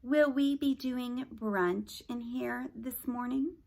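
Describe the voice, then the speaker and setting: A woman's voice: a little high, takes it slowly, gravelly, a little mellow, voice pushed up. A woman voicing a smarmy, fawning teenage boy who talks with oily, overly polite charm.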